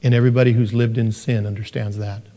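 A middle-aged man preaching a sermon, animated and joking, who mimics parents in a soft sing-song voice. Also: medium pitch, fast talker. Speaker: pastor. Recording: long hall reverb.

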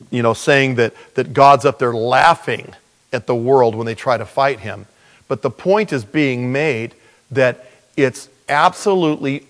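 A male pastor preaching a sermon, animated, with rhetorical questions and sudden jumps in pitch. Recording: long reverb of a large hall.

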